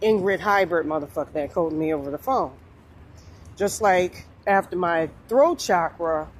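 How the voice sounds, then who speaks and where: A spiritual vlogger from New Orleans, USA, delivers a casual monologue, rambling and meandering with frequent fillers. Her voice is lowish, with a little hiss or hum in the recording.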